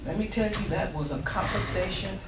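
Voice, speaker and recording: A woman's voice: mid-range voice, fairly quick, recorded from a distance, background noise. Impassioned woman preaching in echoey church. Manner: impassioned, rising to shouts, storytelling. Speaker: minister. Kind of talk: sermon. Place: church sanctuary.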